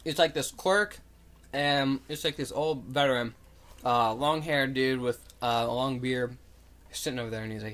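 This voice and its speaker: A man's voice: mid-range voice, normal speed, fairly bright tone. A young man telling a story in casual chat, rambling with lots of fillers and acting out what people said. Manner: rambling, lots of "like" and "um", acts out quotes.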